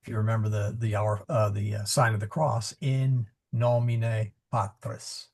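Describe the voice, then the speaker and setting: A man's voice: fairly low pitch, little pitch movement, measured pace, a little mellow. A man teaching Latin pronunciation in a live class over a video call, patiently explaining and correcting himself as he goes. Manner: patient, explanatory, self-correcting with frequent fillers.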